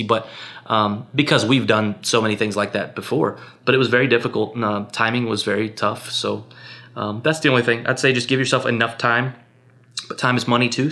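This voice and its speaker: A young man with a bright, forward voice chats candidly about his film work. He keeps it casual, leaning on fillers and jumping his pitch up to mimic other people. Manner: relaxed and candid, many fillers like um and you know; acts out other people's lines in a raised voice. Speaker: filmmaker guest. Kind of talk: casual interview answers.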